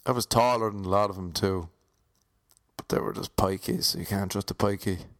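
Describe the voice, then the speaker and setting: A man's voice: lowish voice, brisk, a bit bright. Rambling Irish man from Cork. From Ireland, Cork. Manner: rambling, self-correcting, wry asides. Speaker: storyteller. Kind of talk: comic anecdote monologue.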